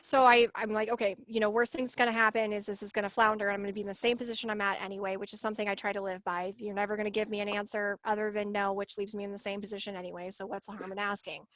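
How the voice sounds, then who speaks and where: A woman in her late twenties on a video call, telling her story in an emotional, animated way and acting out what people said. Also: medium pitch, very fast, hardly any pauses, dry recording. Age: 20s. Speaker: workshop guest sharing her story. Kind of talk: casual video-call chat.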